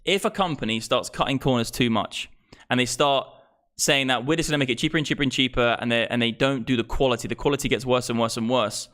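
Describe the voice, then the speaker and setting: Guy ranting on his stream, swears a lot, smooth clear voice, right up on the mic. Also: medium pitch, fast talker, a bit bright. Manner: profane, fired-up political rant. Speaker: crypto livestream host. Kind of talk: ranting livestream monologue. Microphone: streaming microphone.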